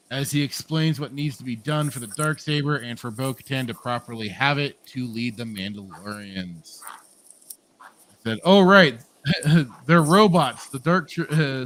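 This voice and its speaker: A man's voice: medium pitch, moderate pace, fairly bright tone. A man co-hosting a podcast, rambling through a casual review chat with lots of fillers, restarts and laughs. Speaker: podcast co-host.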